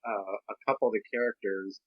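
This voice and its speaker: A man's voice: lowish voice, steady tone, quick pace, no room sound, dull audio. A man, the book's author, talking casually as a podcast guest and laughing between his words.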